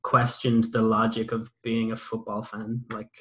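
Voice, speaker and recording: A man's voice: fairly low pitch, completely flat delivery, unhurried. A young man hosting a podcast, chatting in a rambling, sweary, self-mocking way. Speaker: podcast host and former YouTuber. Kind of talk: casual podcast chat.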